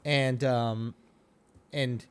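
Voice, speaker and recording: A man co-hosting a comedy podcast, teasing his friends loudly and laughing often. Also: mid-range voice, steady tone, very slow, clear, resonant tone. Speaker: podcast co-host. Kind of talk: casual comedy podcast banter.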